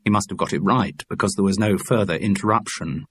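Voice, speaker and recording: A man narrating an audiobook in a measured, even manner. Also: low voice, breathy edge, no echo. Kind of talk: scripted narration.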